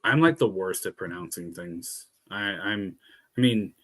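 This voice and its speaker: A man's voice: deep voice, expressive, unhurried, fairly bright tone. A man with a lisp streaming and chatting casually, rambling, laughing and swearing. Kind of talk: casual chat.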